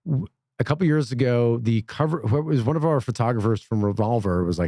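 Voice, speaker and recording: A man's voice: mid-range voice, a little fast, dry recording, clean studio sound. A man, a podcast guest, telling a long story in casual chat, acting out the voices of the people in it. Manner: animated, acts out quoted voices.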